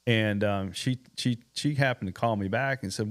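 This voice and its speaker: Earnest low-voiced man. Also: moderate pace. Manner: earnest, warning tone, repeats points. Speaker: bail bonds podcast host. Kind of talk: casual advice chat.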